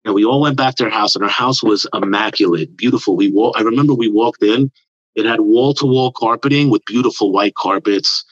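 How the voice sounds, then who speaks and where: A comedian guest from the New York area, with a voice on the low side, tells a rambling, profane story fairly quickly in a casual podcast chat. He livens it up with put-on quotes. The audio is dull, lo-fi and dry, with no echo.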